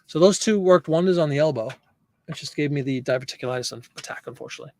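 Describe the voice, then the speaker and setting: A man's voice: on the high side, rapid-fire, a little mellow. A man hosting a casual live stream, chatting loosely and answering viewer comments as he rambles. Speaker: host.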